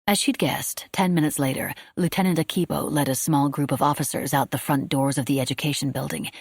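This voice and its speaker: Low, husky woman narrating an audiobook. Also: dry recording, studio quality. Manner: steady, measured storytelling.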